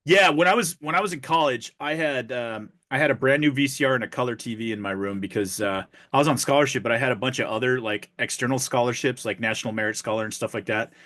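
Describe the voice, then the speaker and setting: A man's voice: mid-range voice, fast, hardly any pauses, fairly bright tone. A man in his fifties co-hosting a podcast, telling rambling stories and jokes in casual chat. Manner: rambling storyteller, many restarts, tells jokes. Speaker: podcast co-host.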